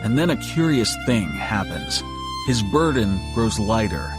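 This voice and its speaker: A man narrating an audiobook in a steady, measured storytelling voice. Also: fairly low pitch, over music. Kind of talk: scripted narration.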